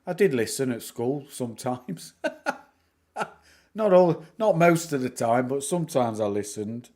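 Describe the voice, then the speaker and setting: A man's voice: mid-range voice, animated, slow pace, a little mellow. Chatty Northern English man, music behind. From England. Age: middle-aged. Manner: chatty, rambling, self-mocking jokes. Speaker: livestream host. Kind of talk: casual livestream chat. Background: background music.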